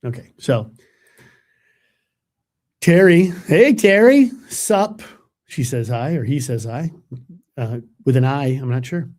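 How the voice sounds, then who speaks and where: A man's voice: mid-range voice, lively intonation, slow pace, long pauses, darkish tone. A middle-aged man, a TV weatherman chatting casually on a live webcast and reading out viewer comments, rambling and self-deprecating with lots of fillers. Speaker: TV meteorologist hosting a live webcast.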